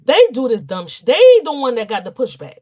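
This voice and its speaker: Woman ranting loud and profane. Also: fairly high pitch, huge pitch swings, brisk, muffled recording. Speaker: commentary vlogger. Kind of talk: ranting commentary.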